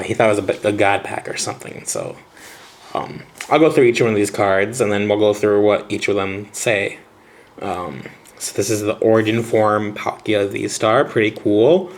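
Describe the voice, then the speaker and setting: A man vlogging in a casual, rambling storytelling style while unboxing cards, chatty with lots of fillers and laughter. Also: lowish voice. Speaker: vlogger and teacher.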